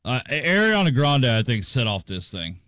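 A man's voice: mid-range voice, sing-song, moderate pace, fairly bright tone, no echo. A man co-hosting a radio show, mostly giving short agreeing replies and dry quips in casual chat. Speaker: radio co-host.

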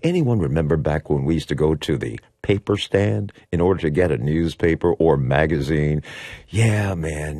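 A man with a very deep voice hosts a morning radio show, swinging his pitch up and down with energy. He reads traffic news in a casual, playful way, stretching some phrases out slowly. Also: lively intonation, mellow, breathy edge, no room sound, clean studio sound. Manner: upbeat, drawn-out phrasing, playful.

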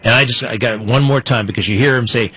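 A man's voice: mid-range voice, quick pace, sharp tone, slightly rough, dry recording. A man giving casual, skeptical commentary as he plays and talks back at clips. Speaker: commentator host.

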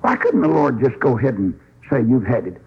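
On a lo-fi radio broadcast with slight background noise, a man preaches an old-time revival sermon at a brisk pace. His medium-pitched voice swings widely as he tells Bible stories folksily, acts out the dialogue, and rises into shouts.

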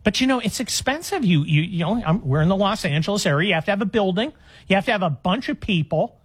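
A man in his sixties hosting a call-in radio show, talking in an animated, exasperated and rambling way with frequent restarts. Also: high-pitched, fast talker, husky. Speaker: radio talk show host. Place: Los Angeles area radio studio.

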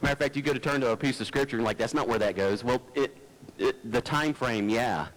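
A man preaching a conversational sermon, folksy and digressive, who calls himself a low talker and often restarts his sentences. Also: fast, fairly bright tone, poor audio. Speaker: pastor. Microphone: headset mic by the mouth.

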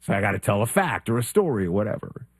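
A male sports talk host with a slightly husky voice tells a story in a relaxed, chatty way. He slips into the voices of the people he quotes, and the studio sound is close and dry. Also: on the low side, fast, no room sound. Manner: animated storyteller who acts out quoted exchanges. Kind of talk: casual anecdote telling.

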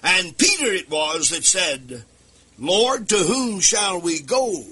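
A man preaching a sermon into a microphone at a desk, fervent and singsong, bursting into shouts. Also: sits high, very animated, slow pace, husky. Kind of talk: radio sermon.

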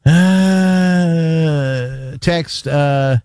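A man's voice: a little high, very slow, darkish tone, no echo. A man hosting a casual talk radio show, chatting and reading listener texts in a studio. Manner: chatty, conversational, laughs easily. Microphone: studio microphone.

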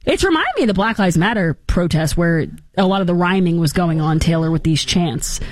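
Animated sarcastic woman commentator. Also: fairly low pitch, a little fast, hardly any pauses, no echo, clean studio sound. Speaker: host. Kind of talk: opinionated commentary talk.

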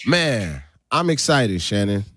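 A man from hosting a casual radio talk show, unhurried and drawn-out, laughing often. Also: lowish voice, very animated, a bit bright, no echo. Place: radio studio. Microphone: studio microphone. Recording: dry close studio sound.

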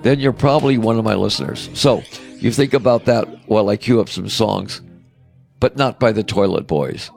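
A man's voice: on the low side, lively intonation, moderate pace, gravelly, darkish tone, faint music behind. A man hosting a radio show, telling an odd news story in a wisecracking, mocking way. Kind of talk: comedic radio talk segment.

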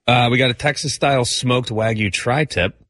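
A man's voice: medium pitch, moderate pace, a bit bright, no room sound, studio quality. A man who is a regular on a sports radio show, reading a menu and joking stubbornly with the host. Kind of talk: casual studio banter.

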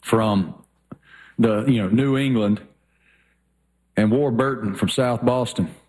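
A man's voice: mid-range voice, slow pace, a little mellow, slightly rough. A man with a Southern American accent co-hosting a sports talk show in folksy, enthusiastic casual chat. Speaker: sports radio co-host.

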